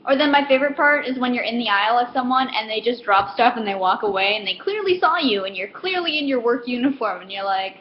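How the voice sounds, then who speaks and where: A woman's voice: a little high, animated, fast talker, hardly any pauses. A young woman in a casual comedic monologue, rambling with lots of fillers and acting out customers. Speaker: comedic vlogger. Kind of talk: casual stand-up style monologue. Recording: roomy, dull lo-fi with faint hiss.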